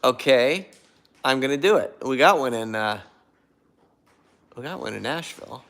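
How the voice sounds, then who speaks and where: A man's voice: mid-range voice, lively intonation, normal speed, a bit bright. A man hosting a casual live stream on his phone, chatting and reading viewer comments aloud. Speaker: prank video host.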